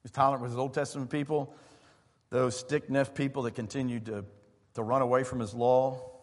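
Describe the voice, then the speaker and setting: Pastor, male, mid-pitched voice, easygoing conversational sermon, long hall echo. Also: flat delivery, fairly quick. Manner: conversational preaching with fillers and asides to the congregation. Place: church sanctuary.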